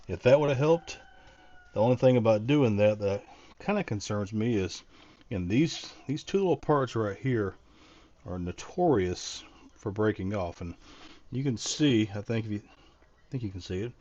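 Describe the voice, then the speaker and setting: Middle-aged guy, lowish voice, rambling diy walkthrough, kinda muffled home video sound. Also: expressive, normal speed, mellow. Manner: rambling, thinking aloud with many restarts. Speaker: DIY vlogger.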